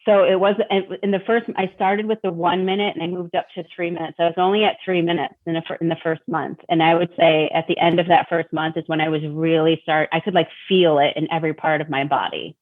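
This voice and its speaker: Earnest woman, low voice, tinny sound. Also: fairly even intonation, fast, hardly any pauses. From Detroit. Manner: earnest, repeats words, quotes her own thoughts. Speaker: guest. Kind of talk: candid recovery interview.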